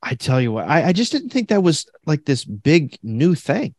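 A man co-hosting a podcast, telling a story in a casual, animated way and laughing as he goes. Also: a little high, moderate pace, dry recording, clean studio sound. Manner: animated, laughs through his stories, acts out the people in them. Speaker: podcast co-host.

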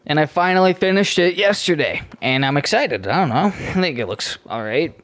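A man's voice: a little high, lively intonation, normal speed, fairly bright tone, no echo. A young Canadian man hosting his podcast in a profane, sarcastic, rambling rant with many restarts. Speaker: podcast host. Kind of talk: casual ranting monologue.

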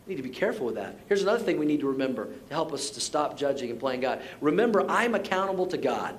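A middle-aged pastor preaches a sermon in a relaxed, conversational storytelling way, often repeating words and adding asides. His voice is mid-range and his pace quick.

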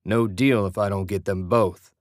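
Narrator doing a loud bossy villain yelling demands, dry close sound. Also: male voice, lowish voice, steady tone, normal speed, dry recording, natural voice. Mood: demanding. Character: brutish, menacing villain calling out.

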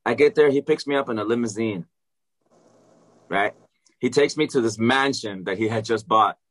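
Man, husky tone, loose animated storyteller who curses a lot. Mid-range pitch. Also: normal speed. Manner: animated, swears freely, acts out quoted dialogue. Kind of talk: casual storytelling chat.

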